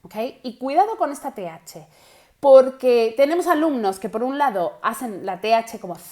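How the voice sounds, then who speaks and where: A woman's voice: a little high, lively intonation, dark tone. Upbeat woman teaching English pronunciation. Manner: encouraging, drills pronunciation slowly and repeats words. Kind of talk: bilingual English lesson.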